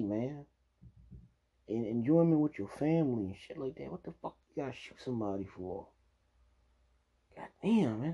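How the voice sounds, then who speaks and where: A man's voice: mid-range voice, dark tone, breathy edge. A man angrily reacting to news clips, swearing and ranting in a dull lo-fi recording. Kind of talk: profane reaction commentary.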